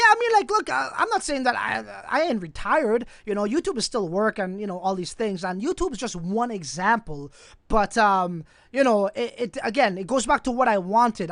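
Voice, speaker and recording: A young man from Canada hosting a crypto livestream, telling a story in a profane, animated way and talking straight to his viewers. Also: extremely high pitch, no echo, studio quality. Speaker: crypto channel host.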